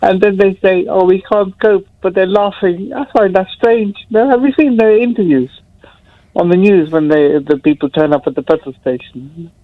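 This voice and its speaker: A man calling in to a radio phone-in, talking in an excitable, rambling way and repeating himself. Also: high voice, normal speed. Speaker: caller. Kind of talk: phone-in call. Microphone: telephone. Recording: dull phone line.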